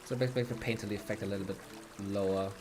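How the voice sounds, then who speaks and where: A man's voice: on the low side, steady tone, very fast, music in the background. German-accented man streaming a game. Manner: chatty, laughs often, thinks aloud. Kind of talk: casual gameplay commentary.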